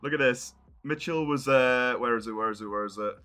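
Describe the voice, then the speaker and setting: Bright-voiced exasperated streamer, swearing. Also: male voice, medium pitch, brisk, clear, resonant tone, soft background music. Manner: exasperated, swearing, thinking aloud. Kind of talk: live stream reaction.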